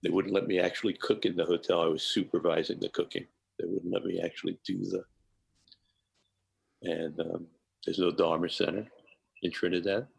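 An older man telling animated anecdotes as a podcast guest, often laughing between phrases. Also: low-pitched, moderate pace, creaky, slightly rough. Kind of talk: storytelling in a podcast interview.

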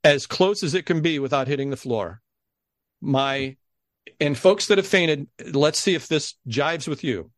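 A man who is a guest on a podcast, telling a story in a casual, animated way and acting out the people he quotes. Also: on the high side, a little slow, no echo, studio quality.

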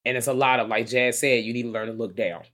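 A podcast co-host in a casual movie review chat, talking in an excitable, profane, rambling way. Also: mid-range voice, quick pace.

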